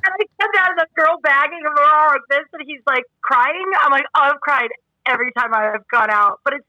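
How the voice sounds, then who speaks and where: A woman talks in loose, emotional bursts, full of restarts. Her voice is very bright and tense, a bit higher than most. The sound is dry and close. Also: fairly quick, no room sound, low-quality recording. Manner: emotional, rambling, many restarts. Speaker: podcast host, guest. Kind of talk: casual chat.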